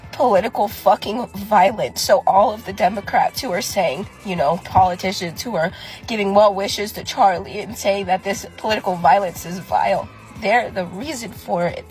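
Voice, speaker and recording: A woman's voice: medium pitch, low-quality recording. A woman ranting to a phone camera, angry and close to tears, swearing heavily. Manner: angry, tearful, heavy swearing. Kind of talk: emotional political rant to camera.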